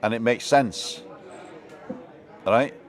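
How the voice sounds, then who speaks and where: A man hosting a live stream, chatting casually and rambling, quick to laugh. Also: medium pitch. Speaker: live show host.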